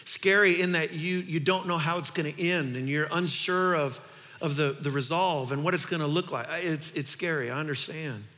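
A man's voice: on the high side, moderate pace, sharp tone, long reverb tail. A male pastor preaching a sermon in an earnest, conversational way, building to emphatic points.

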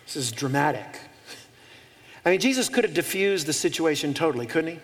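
A male pastor delivering a sermon with lively storytelling and dry humorous asides. His voice sits a touch high for a man and carries a long reverb that trails off the walls of a big hall. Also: fairly quick.

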